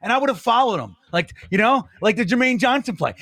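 Gruff, blunt man with a high voice. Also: animated, fast, few pauses, fairly bright tone. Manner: blunt, grumpy, swears freely. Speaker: podcast co-host. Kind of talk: casual sports talk.

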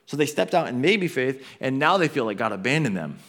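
A pastor preaching a sermon, telling the story animatedly and talking casually to the congregation. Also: male voice, brisk. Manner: animated storytelling, acting out quotes with big swings in pitch and volume; conversational asides to the congregation.

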